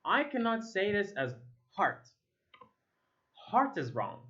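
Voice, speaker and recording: A man from Egypt, a native Arabic speaker, teaching English pronunciation. He repeats single words slowly to contrast vowel sounds. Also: high voice, huge pitch swings, sharp tone. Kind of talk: slow drilling of vowel sounds, repeat-after-me. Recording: slightly dull lo-fi sound.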